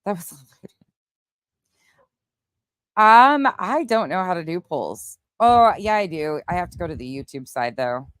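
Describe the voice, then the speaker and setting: On a windy night outdoors, a livestream host talks in an unhurried, sing-song way with long pauses; her fairly low voice is a bit bright and clean, and the recording is dry. She addresses her viewers bluntly, drops the odd swear word, and greets chat members by name.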